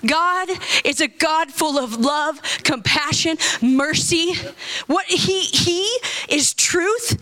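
A woman's voice: sits high, lively intonation, takes it slowly, sharp tone, rough recording. A woman preaching a sermon with passion, reading scripture and breaking into casual slang, at times crying out. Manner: impassioned, rising to cries when quoting prayer; reads scripture aloud, then speaks casually with slang.

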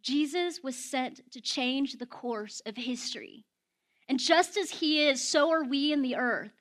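A woman's voice: high-pitched, a little slow, fairly bright tone. Emotional, candid young woman preaching. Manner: emotional, laughing and candid, conversational storytelling. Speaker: speaker at a prayer house. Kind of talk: heartfelt personal sermon.

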